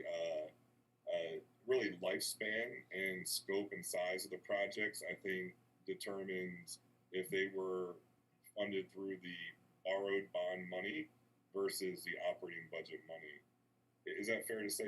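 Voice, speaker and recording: A man answers a budget question at a remote school meeting. His voice is low and flat, and he hesitates with many fillers. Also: unhurried, slight background noise, low-quality recording. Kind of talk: virtual public meeting.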